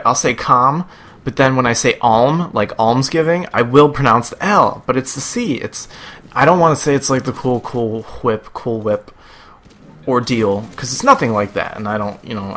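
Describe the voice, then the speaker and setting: Young man, Buffalo accent, bright sharp tone, chatty, rambling, gameplay commentary. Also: medium pitch. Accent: Buffalo, New York. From Buffalo, New York. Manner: rambling, chatty, self-amused. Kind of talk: casual rambling video game commentary.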